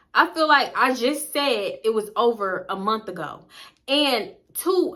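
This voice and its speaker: Animated, foul-mouthed young woman telling gossip. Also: mid-range voice. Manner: animated, profane, gossipy, quotes people. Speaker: storytime vlogger. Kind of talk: casual storytime.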